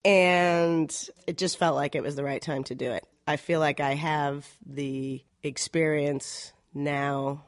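A middle-aged woman, a community theater director, telling stories in a relaxed interview and acting out the quotes with laughs. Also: sits low, slow, hardly any pauses, no echo. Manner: animated, laughing storyteller who acts out quotes. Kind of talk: casual interview storytelling.

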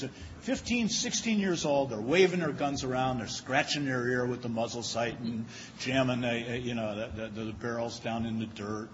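A man spins humorous stories from the podium, his pitch swinging up and down, and he often stammers and restarts a phrase. The recording is dull and lo-fi, and his voice rings with the long reverb of a big hall. A faint hiss sits underneath. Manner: humorous, animated anecdotes with frequent stammered restarts. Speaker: speaker giving a lecture. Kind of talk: storytelling speech.

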